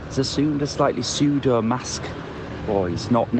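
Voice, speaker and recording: A man's voice: mid-range voice, expressive, measured pace. A man co-hosting a podcast in casual chat, talking in a wry, observational way from outdoors in a city square. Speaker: podcast co-host. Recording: outdoor street noise. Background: street and traffic noise.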